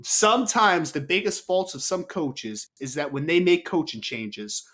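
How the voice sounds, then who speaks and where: Podcast co-host, male, slightly raised pitch, assured and quick, stumbles and self-corrects. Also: sing-song, fairly bright tone. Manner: confident, rapid, corrects himself mid-sentence. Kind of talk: casual sports debate.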